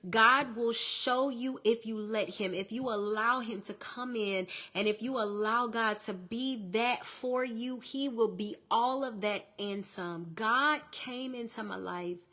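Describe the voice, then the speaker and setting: Woman host, faith podcast monologue, bright tone, earnest chatty delivery to listeners. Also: fairly high pitch, takes it slowly. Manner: earnest, conversational, talks straight to listeners.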